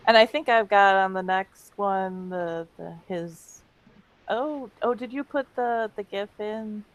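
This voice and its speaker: A woman's voice: mid-range voice, slow, dry recording, highs cut off. A woman co-hosting a comedic webcast, telling chatty anecdotes and laughing often. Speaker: co-host. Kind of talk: casual comedic chat.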